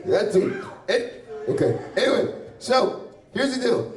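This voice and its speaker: Crude comedian in an echoey bar. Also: male voice, very high-pitched, big pitch swings, unhurried. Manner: loose, crude, laughing at his own jokes. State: sweating. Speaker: stand-up comedian. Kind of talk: stand-up set at an open mic. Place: small bar or club with a live audience. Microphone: handheld stage mic. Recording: echoey room from far off.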